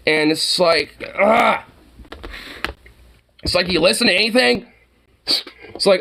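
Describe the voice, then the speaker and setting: A vlogger with a fairly high, slightly bright voice vents to the camera at a normal speed, pausing often, with a faint hiss or hum underneath. His monologue is heated and rambling, full of constant swearing and fillers like "you know" and "like."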